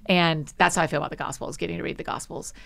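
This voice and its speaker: A woman guest on a podcast, chatting casually and telling stories with animated energy and quick asides. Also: deep voice, gravelly. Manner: frequent laughs and quick asides. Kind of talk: casual conversation.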